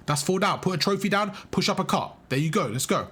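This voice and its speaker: Fast, husky-voiced male game coach. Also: high-pitched, animated, a bit bright. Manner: emphatic, praising, repeats instructions. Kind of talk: live gameplay coaching commentary.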